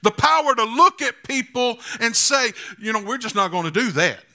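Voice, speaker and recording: A man's voice: very high voice, animated, moderate pace, sharp tone. A man preaching a sermon as pastor, building to emphatic, repetitive declarations. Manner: repetitive rhetorical phrasing.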